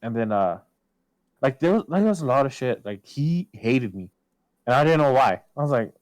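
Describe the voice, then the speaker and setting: A man's voice: mid-range voice, very animated, normal speed, no room sound, poor audio. A man telling a personal story in casual podcast chat, swearing often and acting out his own past lines. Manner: swears a lot, quotes himself loudly.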